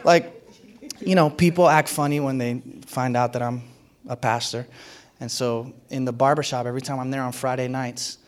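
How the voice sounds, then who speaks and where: A man preaching a sermon as a pastor, in a conversational and playful way, often laughing and acting out what others said. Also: medium pitch.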